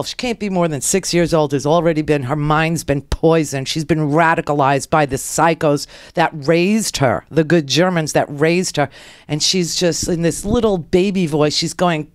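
A woman with a low voice hosts a political talk radio show, recorded clean on a close studio mic with no echo. Her monologue is rambling and animated, and she acts out the people she quotes.

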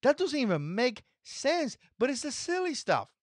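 A man's voice: very high voice, huge pitch swings, normal speed, no room sound, studio quality. A man whose first language is not English, hosting an opinion commentary vlog in an emphatic, mocking way that repeats its points. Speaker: channel host.

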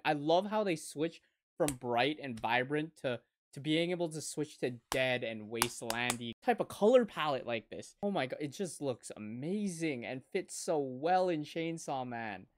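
A young woman hosting an anime reaction, talking over the episode with excited, profanity-laced outbursts. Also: low-pitched, moderate pace. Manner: excitable, swears a lot, loud sudden outbursts. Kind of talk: live reaction commentary.

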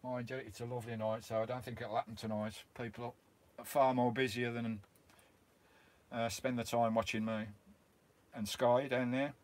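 A man's voice: mid-range voice, little pitch movement, moderate pace. A middle-aged British man hosting a casual live stream outdoors by his campervan, greeting viewers by name and chatting with them in a friendly way.

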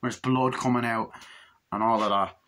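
A man casually reviewing a movie, swearing freely and rambling as he retells scenes with quick quoted lines. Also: medium pitch, steady tone, a bit bright. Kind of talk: casual spoken film review.

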